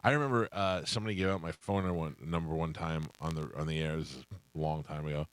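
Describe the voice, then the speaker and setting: A male radio host with a low, deep voice, spinning anecdotes in casual banter and slipping into the voices of the people in his stories. The sound is dry and close, from a studio microphone. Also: fairly even intonation, fast, smooth, no echo. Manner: storytelling, acts out voices in anecdotes.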